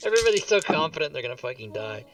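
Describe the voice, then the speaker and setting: A man's voice: fairly high pitch, big pitch swings, quick pace, recorded from a distance, crowd noise. A man who hosts the channel, playing a tabletop game and cracking teasing jokes. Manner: joking, teasing banter. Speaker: player and channel host.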